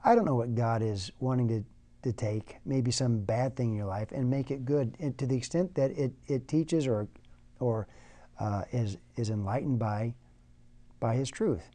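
A man's voice: mid-range voice, normal speed, mellow. A man preaching a sermon in a conversational way, often repeating words as he goes.

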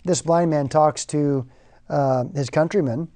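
Man preaching, sermon, conversational, repeats words, mellow voice. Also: on the high side, measured pace.

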